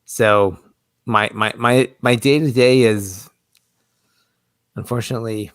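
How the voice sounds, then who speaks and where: A man's voice: lowish voice, fairly even intonation, takes it slowly, a bit bright, clean tone, no room sound. A man and small business owner in casual podcast chat, rambling with many restarts and self-corrections.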